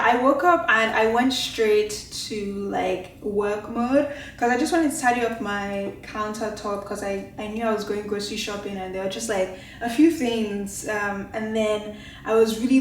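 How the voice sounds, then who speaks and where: In her late twenties, a vlogger talks casually to her camera in her home kitchen, rambling with plenty of filler words and many "like"s. Her voice is medium-pitched. The distant camera mic catches a roomy echo and a little hiss or hum.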